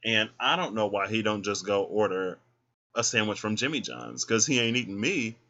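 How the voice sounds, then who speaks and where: A man's voice: fairly low pitch, normal speed, bright, forceful tone. Sassy, chatty male tarot reader. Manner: sassy, chatty, talks to the listener as "girl". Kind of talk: casual tarot reading talk. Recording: dull lo-fi sound.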